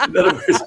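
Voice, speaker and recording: A man in his sixties from Pasadena, California, a guest guitarist animatedly telling stories in a radio interview and laughing often. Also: background noise.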